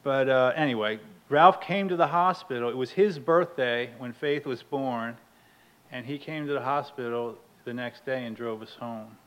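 A man sharing a humorous personal story at a recovery meeting, animated and laughing often. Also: medium pitch, normal speed, clear, resonant tone, poor audio. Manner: animated, laughs often, acts out his own outbursts loudly.

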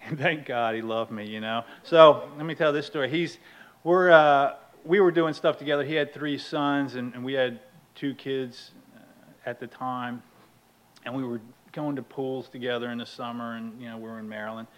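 A man sharing a humorous personal story at a recovery meeting, animated and laughing often. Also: medium pitch, moderate pace, rough recording. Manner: animated, laughs often, acts out his own outbursts loudly.

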